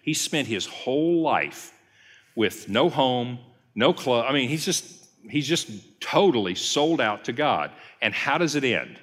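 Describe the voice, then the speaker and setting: Long hall reverb surrounds this pastor's Bible study teaching sermon, conversational in style, as he tells the story and acts out quotes. His medium-pitched voice is a bit bright with big pitch swings, running a little slow.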